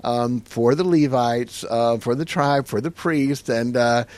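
A middle-aged pastor tells stories on a podcast in an animated way, acting out each voice and laughing along. His pitch sits in an average male range. He is recorded close and dry, with no room sound. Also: measured pace, dry recording. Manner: animated storyteller who acts out dialogue and laughs often. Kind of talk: casual podcast discussion, telling stories.

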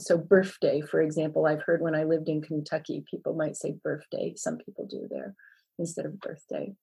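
A middle-aged woman lectures on dialect pronunciation with a husky, slightly low voice. Her tone is dark and mellow. She explains patiently and slows to sound out each example word. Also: low-quality recording. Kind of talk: recorded lecture.

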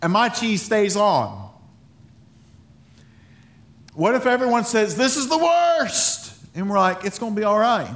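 High-voiced man preaching casually. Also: expressive, a bit bright. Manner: conversational, laughs often, halting restarts. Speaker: pastor. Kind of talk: sermon.

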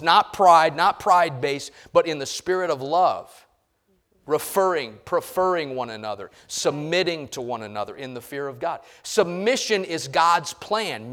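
A middle-aged man preaching a sermon in a church, swinging from quiet talk to loud emphasis and acting out voices. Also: on the high side. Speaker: pastor. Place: church sanctuary.

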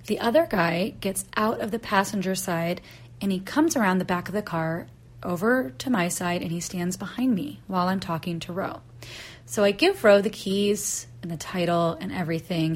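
A woman in her thirties, a podcast host telling a personal story and acting out the voices in the dialogue she quotes. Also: medium pitch. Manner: animated, acts out voices in quotes.

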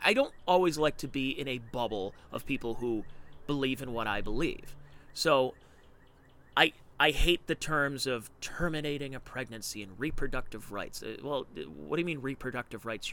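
A man's voice: medium pitch, animated, moderate pace, sharp tone. A man giving sarcastic, ranting opinion commentary.

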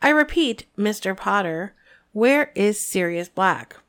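A woman's voice: medium pitch, lively intonation, slow, fairly bright tone, clear, resonant tone. A woman reading aloud, voicing a cruel, sweet-talking headmistress with prim, cold threats. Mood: sweetly menacing. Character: sugary, cruel, power-hungry headmistress.

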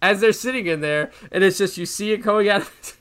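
Young man, slightly high, easygoing co-host. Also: quick pace, clean tone. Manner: relaxed, emphatic, laughs easily. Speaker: podcast co-host reviewing a movie. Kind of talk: casual chat.

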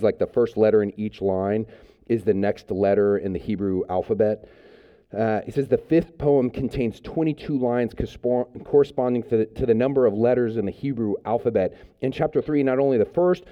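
A male pastor delivers a sermon in a loose, conversational way, stumbling into restarts and fillers as he goes. His voice sits at a middling pitch, and the recording sounds a little muffled and lo-fi.

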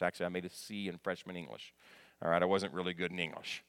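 A man preaching a sermon. He teaches in a conversational way, restarts his phrases often, asks the congregation questions and builds up to loud, emphatic peaks. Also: low-pitched, steady tone, quick pace, smooth, dry recording. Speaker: pastor.

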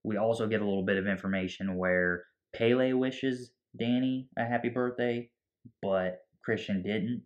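A man's voice: on the low side, moderate pace, highs cut off. A man casually recapping a film scene by scene, acting out the characters' lines as he goes. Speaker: movie podcast co-host. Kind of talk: casual movie recap chat.

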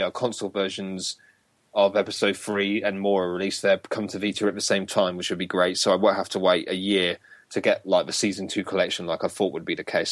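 Brief: man, podcast host, rambly with fillers, low pitch, dry sound. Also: no room sound. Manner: rambling, many ums, laughs easily. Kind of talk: casual gaming podcast chat.

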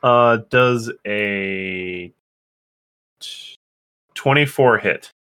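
A man playing a tabletop game, talking eagerly and quickly about the rules. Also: on the low side, bright, forceful tone, a little hiss or hum. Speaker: player. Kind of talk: casual tabletop game talk.

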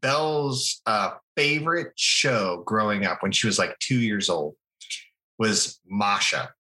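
A man co-hosting a podcast, telling stories about his young daughter in animated, casual chat. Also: on the low side, slow pace, poor audio. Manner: storytelling, animated. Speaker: podcast co-host.

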